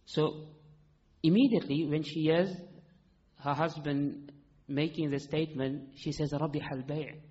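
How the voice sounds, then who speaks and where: A high-pitched male preacher delivering an emphatic sermon and answering his own rhetorical questions. His voice rings through a long hall reverb. The recording sounds dull and muffled. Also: fairly even intonation, measured pace, long pauses, a little mellow.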